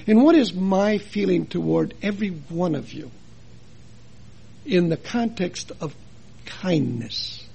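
A man preaching a sermon, his high voice heavy with gravel and a husky edge. He talks earnestly and asks his listeners many rhetorical questions, swinging between loud and soft for emphasis. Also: animated, slow, long pauses. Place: chapel.

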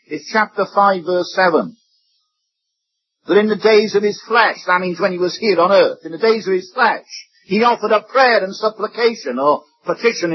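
A man's voice: high-pitched, breathy edge. A man preaching a sermon, emphatic, his voice rising and dropping sharply for effect. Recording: dull lo-fi recording.

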